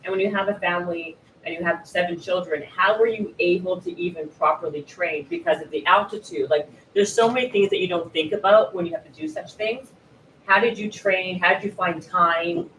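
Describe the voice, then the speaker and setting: A woman's voice: lowish voice, fairly bright tone. Woman interviewer, stumbles and restarts a lot, mic far off, roomy echo. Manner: halting, restarts, filler-heavy questions. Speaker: interviewer, fellow author. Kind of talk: conversational interview at a book event. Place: bookshop event space. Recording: roomy echo, distant mic, faint noise.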